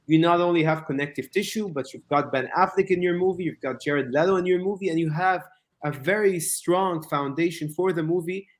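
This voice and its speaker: Dude on a podcast making his case, kinda high voice, gets animated. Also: fairly quick. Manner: animated, acts out quotes while arguing. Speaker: podcast co-host. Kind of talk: casual chat.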